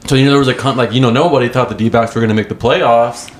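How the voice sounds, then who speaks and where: A man's voice: mid-range voice, steady tone, fast, echoey room. A man chatting on a podcast, telling a rambling, crude sports story full of "you know.". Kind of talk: profane casual sports banter.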